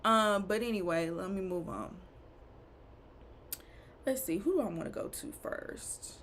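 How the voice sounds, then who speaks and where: A woman's voice: medium pitch, animated, measured pace, a bit bright, a little hiss or hum. A woman giving a chatty, opinionated recap of a reality show, full of rhetorical questions and asides. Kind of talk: casual recap rant.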